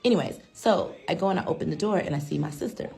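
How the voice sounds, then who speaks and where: A woman's voice: low voice, fast talker, gravelly, dark tone, soft background music. A woman vlogger telling a story to her viewers in a chatty, slangy, casual way, calling them girl and child.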